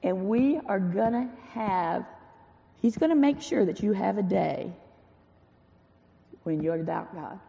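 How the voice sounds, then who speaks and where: A woman's voice: mid-range voice, animated, measured pace, gravelly, long pauses, mellow, long reverb tail, muffled recording. A woman giving an informal, earnest sermon in a folksy way, repeating phrases for emphasis. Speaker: church speaker.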